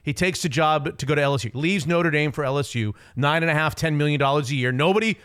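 A man hosting a sports radio show, talking in an opinionated, emphatic, rapid way. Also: a little high, a bit bright, smooth. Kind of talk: casual sports talk.

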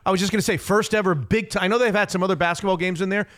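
A man hosting a sports radio show, talking in an opinionated, emphatic, rapid way. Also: sits high, fairly even intonation, a bit bright. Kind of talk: casual sports talk.

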